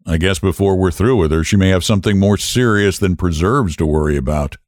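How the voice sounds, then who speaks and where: A man's voice: deep voice, a little fast, a little mellow, no echo, studio quality, close to an everyday voice. A man voicing a smug, patronizing young county attorney in an audiobook.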